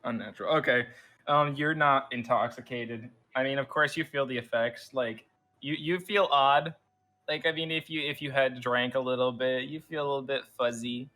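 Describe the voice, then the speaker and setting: A man's voice: medium pitch, moderate pace. A young man running a tabletop game as dungeon master, narrating loosely with lots of ums. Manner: relaxed, filler-heavy narration.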